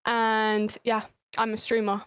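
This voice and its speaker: A young English woman chats as a podcast guest, her fairly high voice rambling along with easy laughs. She sounds close and dry, with no room around her. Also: monotone, slow pace, clean tone, no room sound. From England. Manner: chatty, laughing, loose and rambling. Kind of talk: casual chat.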